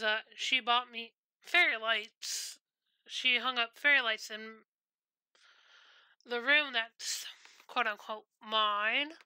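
A woman game streamer with a very bright, crisp, slightly high voice, heard close and dry from a home desktop mic. She rambles in casual chat, swearing freely as she tells stories between loading screens. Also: dry recording. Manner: rambling, profane storytelling.

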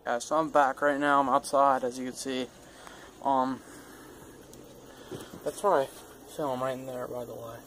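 A man's voice: medium pitch, little pitch movement, unhurried, long pauses, fairly bright tone. A young man vlogging casually while holding his phone, rambling and laughing at himself. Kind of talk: casual vlog. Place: outdoors. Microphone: phone held in hand. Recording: noisy outdoor phone recording.

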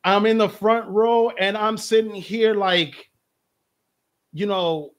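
A young adult man and pastor telling his personal testimony in conversation, telling it in a lively way and acting out the voices of the people he quotes. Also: high voice, slow pace. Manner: animated storytelling, acts out quoted voices.

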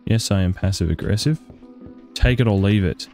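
A young man giving sweary, frantic let's-play commentary, yelping high when panicked. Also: normal speed, a little mellow, soft background music. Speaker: gaming YouTuber.

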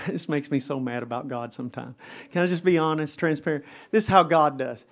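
A man's voice: fairly high pitch, a little fast. Fervent middle-aged man preaching in chapel. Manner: emphatic, dramatic preaching with rising intensity. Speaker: pastor. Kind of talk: live chapel sermon. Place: chapel service.

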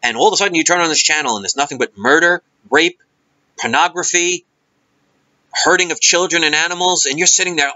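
A man's voice: a little high, fairly quick, sharp tone, no echo, poor audio. A man vlogger giving an impassioned, sarcastic and preachy monologue rant.

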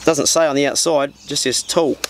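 A man's voice: on the high side, steady tone, moderate pace, background noise. A New Zealand man with a New Zealand accent, chatting in a slangy, blokey way as he opens parcels on his vlog at an old farmhouse. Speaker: vlogger. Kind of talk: casual mail-opening vlog.

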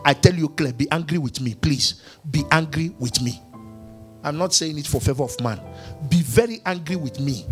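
A man preaching a sermon as pastor, emphatic and repetitive, swinging between quiet and loud. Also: a little high, moderate pace, soft background music.

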